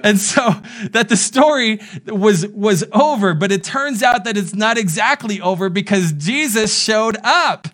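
A man with a notably high, light voice preaches to a church congregation watching online. He tells a story in an easy, conversational way, dropping into playful acted-out dialogue and humorous asides. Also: expressive, unhurried, fairly bright tone. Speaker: pastor. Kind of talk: sermon. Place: church service streamed online.

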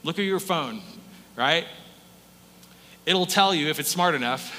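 A man preaching a sermon as pastor, animated, dropping to a hush and rising loud, acting out quoted lines. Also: a little high, unhurried, pauses often. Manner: animated, swings from hushed to loud, acts out quotes. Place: church sanctuary. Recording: long reverb, faint hum.

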